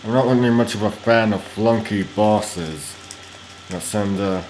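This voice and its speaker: A man with a fairly low voice talks through gameplay in a loose, rambling way. He breaks into loud, playful shouts when a fight heats up. Clear background noise and clicks sit under his voice. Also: unhurried, poor audio. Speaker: gaming video host.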